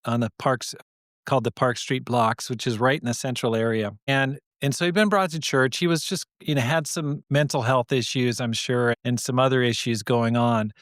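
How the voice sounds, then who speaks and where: A man's voice: medium pitch, no room sound, clean studio sound. A man hosting a podcast, telling a story from his time as a pastor and acting out the voices of the people in it. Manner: animated storyteller, acts out quoted voices.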